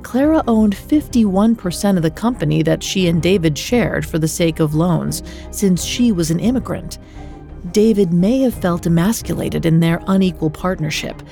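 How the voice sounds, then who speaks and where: Female narrator, low mellow voice, scripted true-crime read, faint music underneath. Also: expressive, normal speed, gravelly. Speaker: podcast narrator.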